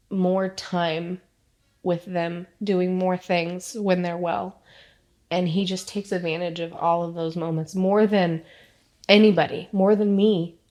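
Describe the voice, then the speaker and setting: A woman's voice: lowish voice, darkish tone. Proud mother speaking heartfelt. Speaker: mother of guests. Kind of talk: interview answer.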